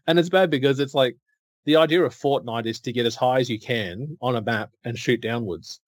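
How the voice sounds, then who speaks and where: Middle-aged male co-host, mid pitch, animated storyteller, dry close recording. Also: brisk, dry recording. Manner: animated storyteller, acts out dialogue, laughs often. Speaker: podcast co-host. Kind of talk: casual chat.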